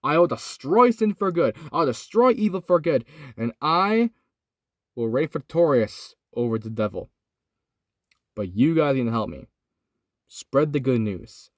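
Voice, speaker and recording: A solemn, commanding Jesus speaks in slow, earnest pronouncements, voiced by a man. The voice sits low and moves with lively swings of pitch. It is close and dry, with no room sound. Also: no room sound. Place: inside a hot parked car.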